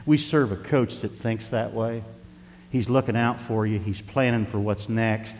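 An older man preaching a folksy sermon as pastor, rising to loud emphasis and dropping to quiet asides. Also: fairly low pitch, fairly even intonation, measured pace, big-room sound, slight background noise. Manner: folksy, varies loudness for emphasis, occasional chuckles.

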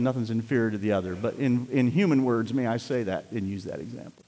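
A man preaching a sermon, swinging between loud exhortation and hushed, near-whispered passages. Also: mid-range voice, fast, hardly any pauses. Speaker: pastor. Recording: long hall reverb.

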